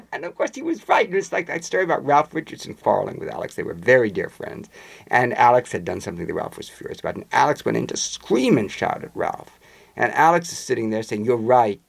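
A man's voice: mid-range voice, fast, creaky, slightly rough. A man being interviewed, telling long anecdotes in a conversational way and acting out the voices of the people in them. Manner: animated raconteur, acts out quoted voices. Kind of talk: conversational storytelling.

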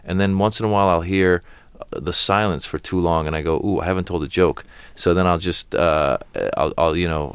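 Passionate man from iran, low voice, dry. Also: smooth, no echo. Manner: earnest, passionate. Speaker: comedian guest. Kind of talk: radio interview.

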